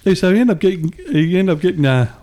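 Man, mellow and relaxed tone, rambling storyteller, casual podcast chat. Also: high-pitched, fast talker. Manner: rambling storyteller, laughs often. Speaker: podcast co-host.

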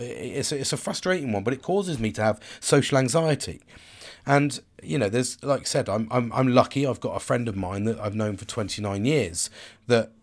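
A man, talking openly and casually to camera, rambling with many restarts and frequent swearing. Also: medium pitch. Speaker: vlogger. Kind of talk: casual personal monologue.

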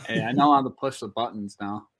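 A man's voice: mid-range voice, fairly quick, a bit bright. A young man trading teasing, boastful banter in a casual interview.

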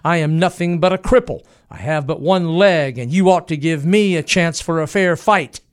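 A man's voice: fairly high pitch, moderate pace, lightly acted. A man voicing a defiant, cornered male fugitive with a lame leg, taunting his pursuers in a dramatized history narration.

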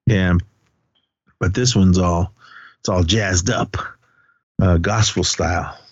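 A man co-hosting a podcast walks through a film scene by scene in loose, rambling chat, often slipping into quoted lines. His voice sits fairly low. The recording is dry and slightly dull. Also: fairly even intonation, slow, slightly rough, dry recording. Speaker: podcast co-host. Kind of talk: casual movie recap chat.

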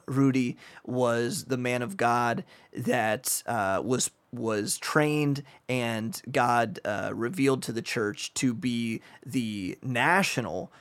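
A man who is a pastor and missionary, hosting a podcast in an enthusiastic, friendly way, with frequent fillers. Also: medium pitch. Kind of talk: casual podcast interview.

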